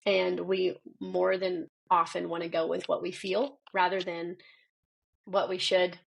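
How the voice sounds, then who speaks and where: A woman in her thirties, a children's pastor and podcast guest, telling a parenting story in animated conversation. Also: unhurried, creaky, breathy edge, rough recording. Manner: animated storyteller who acts out dialogue with pitch jumps. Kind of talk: conversational faith interview.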